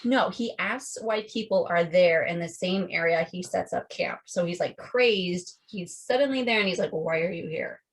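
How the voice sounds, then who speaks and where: Animated, profane woman podcast co-host. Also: lowish voice, normal speed, few pauses, low-quality recording. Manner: animated, profane storytelling with laughs. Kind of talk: casual chat.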